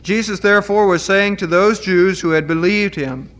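A man preaching a sermon as pastor of his church, explaining scripture in an earnest, deliberate way with careful emphasis. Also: high-pitched, fairly bright tone.

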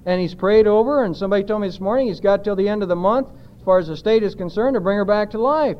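A man's voice: sits high, fast talker, highs cut off. A man preaching an expository sermon as a pastor, speaking emphatically and putting rhetorical questions to the congregation.

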